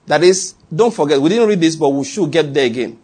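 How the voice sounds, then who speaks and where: A man's voice: a little high, expressive, brisk, warm tone, breathy edge. A man preaching a sermon, teaching with emphatic repetition and reading scripture aloud.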